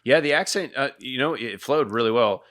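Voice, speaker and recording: A man's voice: mid-range voice, expressive, brisk, fairly bright tone. A man hosting a podcast interview, talking eagerly and often chiming in to affirm his guest. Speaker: podcast host. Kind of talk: casual interview talk.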